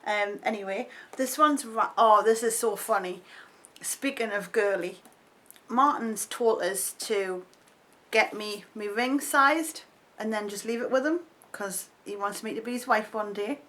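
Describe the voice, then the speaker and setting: A woman, chatting excitedly to her viewers as she unboxes makeup for a vlog. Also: mid-range voice, measured pace, rough recording. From North East England. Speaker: beauty vlogger. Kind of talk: casual unboxing chat.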